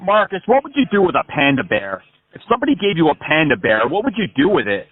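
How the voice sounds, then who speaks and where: A man placing a prank call, his voice set a little high for a man. He rambles through absurd schemes in a mocking tone. The audio comes through a thin, phone-like band. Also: huge pitch swings, fast. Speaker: scam-baiting prank caller.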